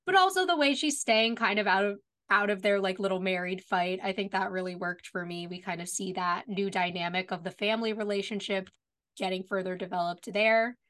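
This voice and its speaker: A woman co-hosting a podcast, chatting casually about a TV episode in a relaxed, agreeable way with lots of filler words. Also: medium pitch, brisk. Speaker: podcast co-host.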